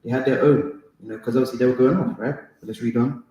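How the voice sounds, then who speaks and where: A man's voice: medium pitch, steady tone, fast, dark tone. A man leading a casual Bible study, talking emphatically and often tagging lines with "man" and "right?". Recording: echoey room.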